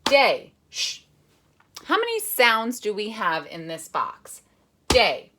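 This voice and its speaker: Animated bright-voiced music teacher woman. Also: medium pitch, slow, a little hiss or hum. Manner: animated, expressive reading with dramatic emphasis; patient, encouraging classroom explanation. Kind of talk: reading a picture book then teaching a rhythm lesson.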